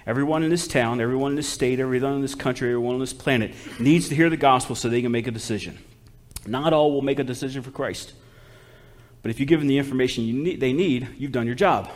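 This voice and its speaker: A man preaching a sermon as a missionary, folksy and exhortative, calling out to the congregation for responses. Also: mid-range voice.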